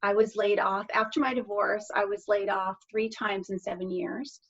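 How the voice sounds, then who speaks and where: A woman's voice: medium pitch, steady tone, normal speed, gravelly, slightly rough. An earnest middle-aged woman telling her own story as a podcast guest, reflective and often circling back to restart a phrase. Her voice sits in an ordinary middle range for a woman. The audio is a little dull and lo-fi. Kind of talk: personal storytelling in a podcast interview.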